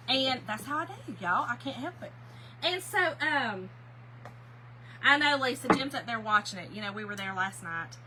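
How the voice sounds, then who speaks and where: A woman's voice: sits high, animated, normal speed, pushed and bright, slight background noise, poor audio. A middle-aged woman, telling a story to her viewers while she paints, laughing often and calling them "y'all". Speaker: craft livestream host.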